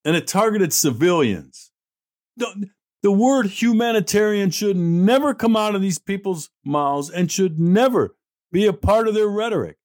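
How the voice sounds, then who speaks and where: A man's voice: high voice, lively intonation, a little slow, darkish tone. A middle-aged man hosting an opinion show, reading out news and answering it in a blunt, indignant, sarcastic way. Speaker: host. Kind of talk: opinion commentary.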